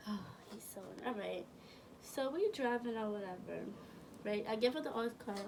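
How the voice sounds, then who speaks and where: A young woman spins a casual, slangy story, doubling back to correct herself as she goes. Her voice sits a little high, and it is picked up from a bit away from the mic, with a faint hum of room noise behind. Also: lively intonation, normal speed, creaky, recorded from a distance. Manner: rambling, self-correcting, slangy. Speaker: vlogger.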